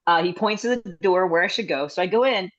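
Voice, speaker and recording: A middle-aged woman comedian telling stories in a rambling, chatty way with quick asides, over a video call. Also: on the low side. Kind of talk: casual comedic storytelling. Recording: slightly dull video-call audio.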